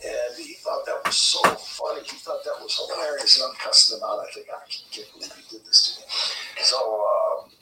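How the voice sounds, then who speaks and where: A man's voice: medium pitch, animated, normal speed, bright, forceful tone, a little hiss or hum. A man telling a rambling, laughing anecdote and acting out the other people in it, heard as a played clip. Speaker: storytelling guest. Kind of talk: animated anecdote. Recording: distant echoey clip with faint TV ambience.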